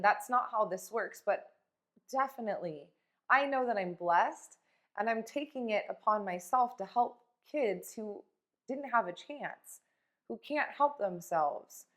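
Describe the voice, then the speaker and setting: Woman life coach ranting on her vlog, swears a lot, blunt and punchy, middle pitch. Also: animated, unhurried, fairly bright tone. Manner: blunt, profane and emphatic. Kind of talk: casual motivational vlog talk.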